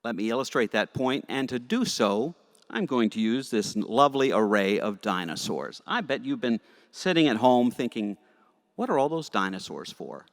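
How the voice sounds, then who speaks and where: A man teaching Sunday school, telling a story to children in a playful, animated, jokey way, in a church with long reverb. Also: medium pitch, moderate pace. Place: church sanctuary.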